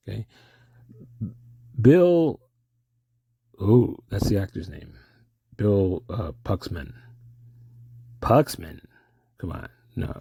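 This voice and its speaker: A man's voice: fairly low pitch, vocal fry, mellow, breathy edge, dry recording, studio quality. A man in a rambling, improvised comic monologue, often losing his train of thought and trailing off.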